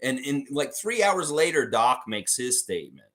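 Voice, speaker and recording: A man's voice: mid-range voice, big pitch swings, normal speed, fairly bright tone. A man hosting a live sports fan stream, ranting heatedly about coaches, swearing and laughing as he talks.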